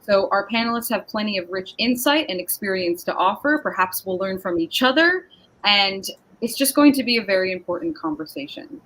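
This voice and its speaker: A woman's voice: mid-range voice, expressive, a bit bright, poor audio. Upbeat woman hosting a webinar panel. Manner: upbeat, emphatic, deliberate. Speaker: panel host and moderator. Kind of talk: scripted-sounding webinar introduction. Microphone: video call.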